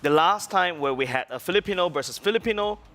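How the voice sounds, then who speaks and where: A male studio analyst talks through tournament history with a lot of enthusiasm. He rambles a little, and his voice sits slightly high. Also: expressive, fast talker, fairly bright tone, soft background music. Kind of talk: esports analysis.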